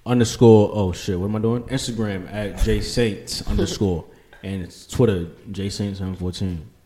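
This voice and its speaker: A man in casual podcast banter who mumbles and trails off quietly. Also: lowish voice, normal speed, slight background noise.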